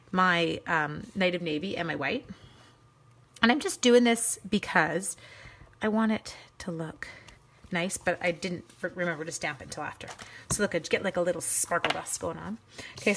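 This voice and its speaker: Breathy middle-aged lady doing a card-making livestream, chatty, talks to viewers by name. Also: mid-range voice, fairly bright tone. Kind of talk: casual craft livestream chat.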